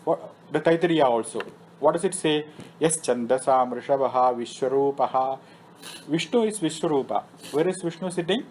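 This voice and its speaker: A man's voice: mid-range voice, lively intonation, moderate pace, a little mellow, slight background noise, rough recording. A man lecturing on Vedic philosophy who recites Sanskrit terms and then explains them, often asking himself a question and answering it. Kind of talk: scripture lecture. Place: temple meeting room.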